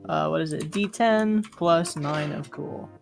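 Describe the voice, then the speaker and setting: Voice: medium pitch, a little slow, creaky, over music. A player in a tabletop role-playing game, casually calling out dice results.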